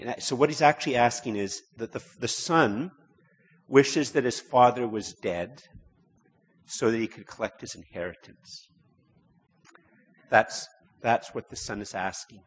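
A man's voice: medium pitch, a little slow, long pauses, husky. A man preaching a sermon in a conversational way, often repeating words and rising to emphatic stretches. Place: church. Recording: long hall reverb.

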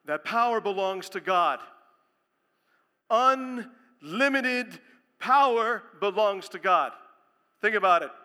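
A male pastor preaches with a high, bright, ringing voice, taking his words slowly and deliberately. He builds to loud, emphatic proclamations, and his voice carries a long reverb through a large hall. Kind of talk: sermon.

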